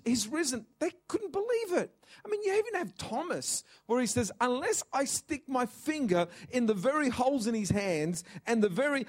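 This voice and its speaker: A high-voiced man delivers an Easter sermon from the pulpit. He swings between shouted, playful acclamations and a lower, conversational telling of the story, with plenty of humor along the way. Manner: exuberant, joking, shouts acclamations then drops to a lower conversational tone. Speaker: pastor.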